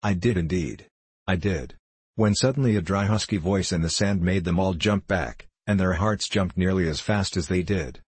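A man narrating a children's storybook in a steady, measured way. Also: sits low, breathy edge, no echo. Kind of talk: audiobook narration.

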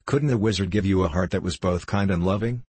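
A man's voice: sits low, fairly quick, darkish tone, husky, dry recording. A man reading the lines of a curious, eager young boy wanderer in an audiobook, speaking frankly and asking questions.

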